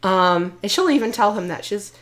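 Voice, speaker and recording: A woman playing a tabletop game, chatty and quick to laugh. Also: medium pitch, animated, a bit bright. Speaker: player.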